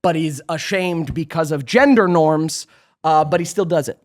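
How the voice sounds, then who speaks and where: A man with a slightly higher voice talks loosely and chattily as a podcast co-host. He recaps the episodes with plenty of fillers and laughter. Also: normal speed. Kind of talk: casual rewatch recap chat.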